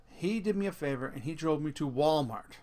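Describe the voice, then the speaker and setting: A man's voice: on the high side, animated, fairly quick, darkish tone. A middle-aged man vlogging a casual rant, telling a story with swearing and laughing at himself.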